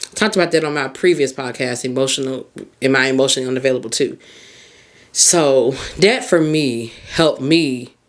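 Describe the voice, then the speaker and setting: A woman hosting a podcast, giving a casual motivational monologue in an emphatic, colloquial way, talking straight to the listener. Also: low voice. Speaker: podcast host and mindset coach.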